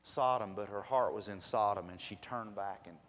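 A man preaching a sermon, asking the congregation questions and swinging between loud and soft. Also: on the low side, moderate pace. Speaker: pastor. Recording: long hall reverb.

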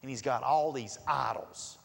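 A man preaching a sermon, asking the congregation questions and swinging between loud and soft. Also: medium pitch, unhurried, creaky, husky. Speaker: pastor. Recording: long hall reverb.

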